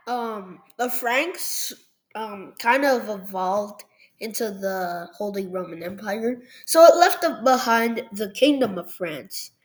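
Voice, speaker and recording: Female narrator, casual and jokey history explainer; slow pace, fairly high and animated pitch. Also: rough recording. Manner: jokey, loose, with lots of ums and "were like". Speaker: video narrator. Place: at a computer, recording over a screen.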